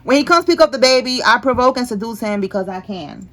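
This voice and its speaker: A woman's voice: fairly high pitch, animated, fast, a bit bright. Chatty woman giving a slangy tarot reading. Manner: chatty, laughs often, slangy and blunt. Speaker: tarot reader. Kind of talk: casual tarot reading to camera.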